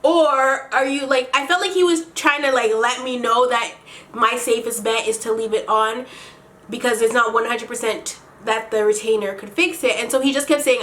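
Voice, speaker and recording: A woman's voice: fairly high pitch, normal speed, fairly bright tone. A young woman from Canada telling a storytime vlog, profane and dramatic, ranting with plenty of swearing. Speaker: vlogger.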